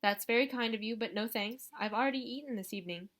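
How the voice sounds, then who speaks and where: A woman's voice: fast talker, a bit bright, lightly acted. Woman voicing a polite teenage boy. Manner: polite, low-key.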